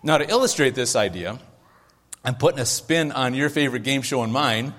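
A man preaching a sermon as pastor, in a lively, conversational way with jokes and asides. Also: medium pitch, fairly quick. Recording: echoey hall with long reverb.

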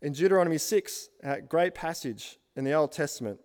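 A man delivers a sermon from the pulpit, his voice sitting a little higher than most men's. He drives his points home with repeated lists and turns to the congregation with questions. The sound carries a long reverb from the hall. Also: animated, fairly quick, a little mellow. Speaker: pastor.

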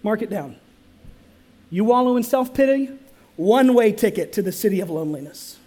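A male pastor preaching a sermon in church, calling on the congregation to respond and swinging from loud to hushed. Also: sits high, lively intonation, normal speed.

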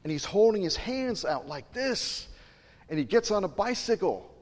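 A man's voice: high-pitched, big pitch swings, moderate pace. A male pastor preaching a sermon in a chatty, digressive way, joking with and questioning his congregation. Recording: long reverb in a large hall.

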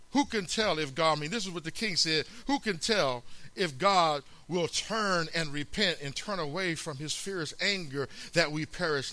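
A man preaching a sermon, animated, calling out amen and acting out the scripture's lines. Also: a little high. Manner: animated, calls amen, acts out quotes.

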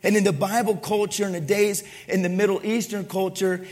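A pastor delivering a lively sermon, with a high-pitched voice. He talks in a conversational way, acting out the voices of the people in his story and asking the crowd for agreement. His voice rings with the long reverb of a large hall. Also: fairly quick. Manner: animated, conversational, acts out voices.

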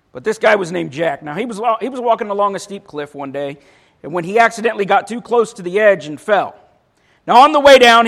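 A man's voice: high voice, a bit bright. A male preacher giving an emphatic sermon, telling a story and making dry jokes.

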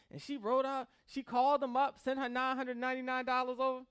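A man's voice: very high-pitched, brisk, fairly bright tone, clean tone. A man preaching a sermon as pastor, joking with the congregation and mimicking people in a loose, conversational way.

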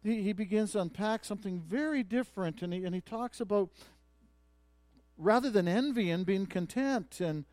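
A man's voice: high voice, normal speed, darkish tone, no echo. A man preaching a sermon as pastor, telling a story with many restarts and building to emphatic points.

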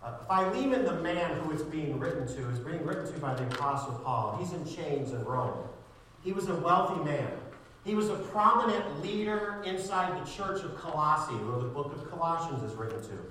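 A man's voice: on the high side, animated, normal speed, sharp tone, a little hiss or hum. Fervent pastor man in an echoey hall. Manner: sarcastic streak, builds to fervent emphasis. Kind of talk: sermon. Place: church sanctuary. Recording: echoey church hall, distant mic.

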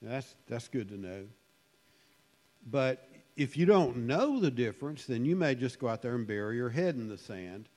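A man preaching a conversational sermon in a church hall, musing and unhurried, with frequent fillers. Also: mid-range voice, very animated, a little mellow. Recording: long hall reverb.

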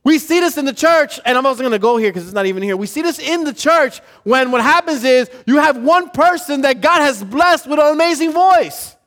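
A male preacher with a notably high voice delivers his sermon in a loose, energetic way. He leans on slang, repeats phrases for emphasis and talks straight at the congregation. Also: brisk, hardly any pauses. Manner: casual, animated preaching with slang and repetition.

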